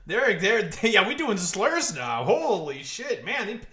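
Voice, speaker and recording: A man's voice: sits high, sing-song, takes it slowly, sharp tone, echoey room. A man streaming, mocking and swearing through a profane rant with frequent laughs. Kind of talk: live stream commentary.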